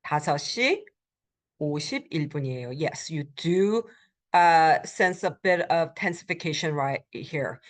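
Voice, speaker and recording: A Korean language instructor, a woman with a low-pitched voice, gives a recorded college lecture. She explains things step by step with frequent ums and uhs, repeating phrases slowly for learners.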